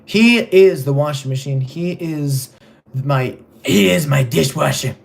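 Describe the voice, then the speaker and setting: Batman, gravelly and deadpan, as a man puts him on. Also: a little high, measured pace. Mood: deadpan rambling. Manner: rambling, deadpan, self-absorbed. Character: vain, clueless rich male superhero. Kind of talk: comedic livestream character sketch.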